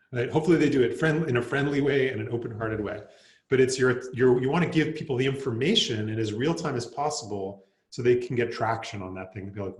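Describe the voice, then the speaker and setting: A man's voice: medium pitch, animated, a little fast. Man presenting in a roomy space. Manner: conversational, acts out quoted lines, tags "right?". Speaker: workshop presenter. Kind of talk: presenting a workshop talk. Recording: roomy echo.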